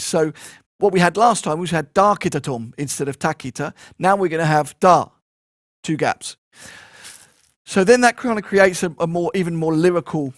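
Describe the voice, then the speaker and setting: A man teaching a vocal percussion lesson, explaining calmly and then reciting rhythm syllables in crisp, punchy bursts. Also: fairly high pitch, no room sound, clean studio sound. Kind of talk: instructional konnakol lesson.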